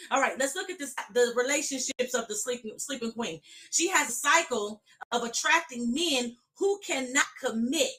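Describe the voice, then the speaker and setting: Bright-voiced woman coaching with preacher-like fire. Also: sits high, lively intonation, normal speed, hardly any pauses. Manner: emphatic, preacher-like, addresses viewers directly. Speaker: life coach. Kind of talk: live-streamed motivational talk.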